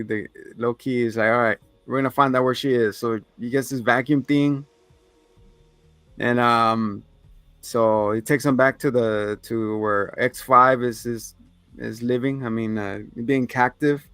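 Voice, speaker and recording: A man's voice: medium pitch, steady tone, a little slow, fairly bright tone, clean tone, no echo, faint music behind. A man co-hosting a podcast, casually recapping episodes in a rambling way, with fillers and laughs. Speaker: podcast co-host.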